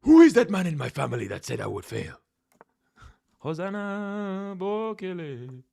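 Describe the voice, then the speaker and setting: A man voicing a fiery middle-aged male preacher with a booming, drawn-out delivery, heard from off the mic. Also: very animated, vocal fry, dark tone, heavily acted. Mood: preaching.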